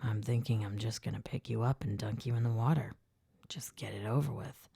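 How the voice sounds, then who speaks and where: A woman doing a low, whispery teasing young man. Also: steady tone, brisk, dark tone, no echo, studio quality, exaggerated voice. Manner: low, breathy, half-whispered drawl. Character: calm, teasing young man, amused and mischievous.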